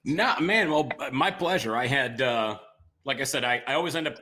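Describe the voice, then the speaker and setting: Bright-voiced joking talk-show host. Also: male voice, mid-range voice, animated. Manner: dry, joking, quick quips. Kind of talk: casual interview over drinks.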